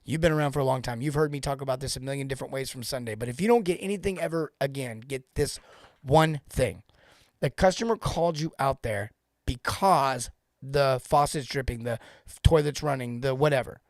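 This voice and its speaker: A man coaching plumbing technicians on a live show, emphatic and animated, hammering his points home through repetition. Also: mid-range voice, brisk, no echo, clean studio sound.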